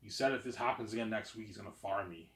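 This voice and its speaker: A man's voice: on the low side, quick pace, a bit bright, reverberant. A young man rambling in a casual vlog monologue, repeating words and restarting his sentences often. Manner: repetitive, stammering restarts. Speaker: vlogger.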